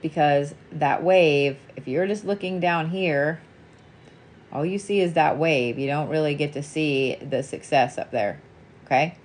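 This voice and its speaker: In a casual live chat, a woman with a deep, unhurried voice gives a reiki and wax reading. She swears freely, laughs often, and reassures the listener by calling them sweetie.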